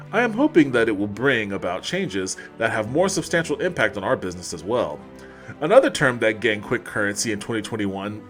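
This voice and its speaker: A man with a lively, swooping voice sits behind the mic for a casual podcast chat. He laughs easily, often breaking into giggles mid-sentence. Soft music plays underneath. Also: medium pitch. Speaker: podcast co-host. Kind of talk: casual podcast chat and mock-formal reading.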